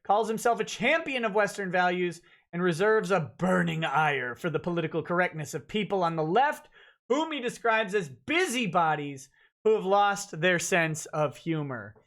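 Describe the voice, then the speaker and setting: A man reads a lawsuit complaint on his live stream for legal commentary, regularly breaking away for blunt, sarcastic jokes. His high, fairly bright voice has lively intonation at a normal speed.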